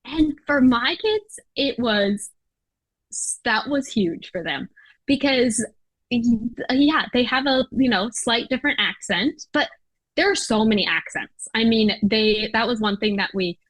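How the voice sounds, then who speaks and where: As a guest on a podcast, this American woman from the United States keeps things casual, full of fillers and little laughs. Her fairly bright voice sits on the high side and runs a little slow. There's no echo, but the audio is poor.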